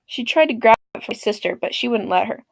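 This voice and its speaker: A woman narrating a story with a high, very animated voice that leaps up and down. Her delivery is expressive and sarcastic, recorded dry and close. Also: fast, vocal fry, no echo. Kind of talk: storytelling narration of online stories.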